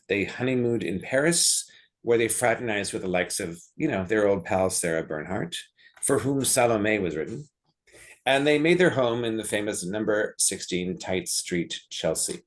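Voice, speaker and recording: An author addresses a literary society in a somewhat low voice. His delivery is measured and prepared, with dry, joking asides dropped in along the way. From United States. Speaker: author giving a talk.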